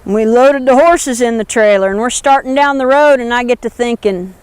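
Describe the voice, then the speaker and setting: A woman telling a story in a folksy, animated spoken manner. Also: a little high, brisk, hardly any pauses, clear, resonant tone, dry recording.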